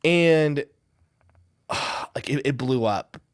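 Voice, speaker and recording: A man's voice: medium pitch, drawn-out words, no echo, studio quality. A man hosting a podcast, chatting casually in a rambling, profane way, often repeating words. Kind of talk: casual chat.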